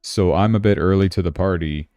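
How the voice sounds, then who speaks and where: Low-voiced man hosting a crypto livestream. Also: fairly quick, darkish tone, no echo, studio quality. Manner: thinks aloud while checking charts, chatty. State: yawning, tired. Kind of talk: casual livestream commentary.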